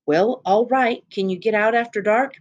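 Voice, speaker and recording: A woman's voice: fairly high pitch, lo-fi sound, voice pushed up, close to an everyday voice. Woman doing folksy teen boy Jessie. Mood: earnest. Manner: quick, folksy, urgent. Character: hurried country teenage boy Jessie.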